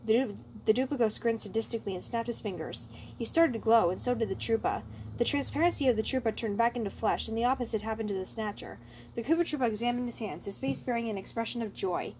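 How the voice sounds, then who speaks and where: A woman narrating fan fiction aloud in a steady, plain storytelling way. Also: mid-range voice, fast talker, slight background noise.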